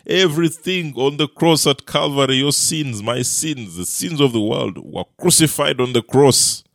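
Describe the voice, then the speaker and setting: A male preacher delivers a Bible teaching sermon in a mid-range voice. He is emphatic and often sinks low and soft to press home a point. The sound is dry and close, with no room around it. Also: no room sound. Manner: emphatic, drops low and soft on key phrases.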